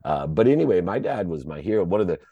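A man's voice: deep voice, big pitch swings, quick pace, no echo, lo-fi sound. A middle-aged American man sharing a personal story as a podcast guest, heartfelt and choked up at times, restarting his sentences. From United States. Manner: heartfelt, choked up at times, restless repeated starts.

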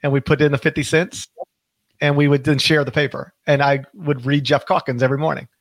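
A middle-aged podcast host talks casually in a fairly high, flat voice at a slightly fast pace, with no room sound. He rambles, corrects himself, and stresses key words.

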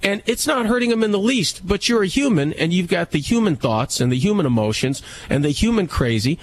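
Emphatic, higher-voiced male co-host spinning anecdotes on air. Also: fairly quick, slight background noise, poor audio. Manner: animated, emphatic storyteller. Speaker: radio co-host. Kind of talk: casual chat, storytelling.

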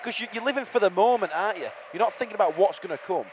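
A man co-hosting a football podcast, talking in an animated, playful and mocking way outdoors at a match. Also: high voice, very fast, a little hiss or hum. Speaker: podcast co-host. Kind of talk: casual football podcast chat.

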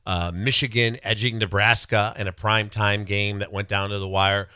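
A man's voice: fairly low pitch, steady tone, normal speed, bright, forceful tone, clean tone, no echo, studio quality. A man co-hosting a talk show, chatting casually about sports, jumping up into quoted voices. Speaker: co-host.

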